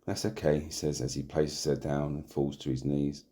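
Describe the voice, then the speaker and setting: Man, narrator, comic story, deadpan, stumbles, very low voice. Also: normal speed. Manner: deadpan reading with stumbles and laughs. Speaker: narrator and host. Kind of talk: comic erotic story reading.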